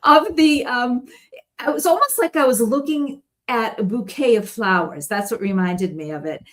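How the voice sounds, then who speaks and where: A woman guest telling stories in a casual chat, rambling and animated and laughing often. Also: on the high side, normal speed.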